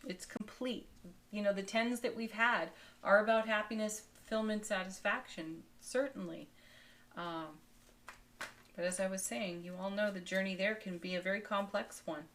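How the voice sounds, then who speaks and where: A woman giving a daily spiritual tarot card reading, soothing and unhurried, with soft laughs between cards. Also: mid-range voice, fairly even intonation, slight background noise.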